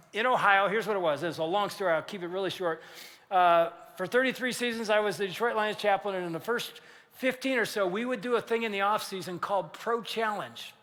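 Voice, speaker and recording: A man in his sixties telling a story in a sermon, animated and acting out the people he quotes, in a large church hall. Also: high-pitched. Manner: animated, acts out quoted voices. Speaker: pastor. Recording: long church-hall reverb.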